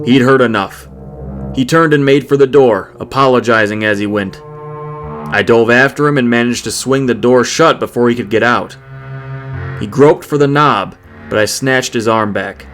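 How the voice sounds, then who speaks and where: A man reads his own short story aloud in earnest first person, in a voice of middle pitch. Soft music plays quietly under the narration. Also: moderate pace. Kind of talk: audiobook narration.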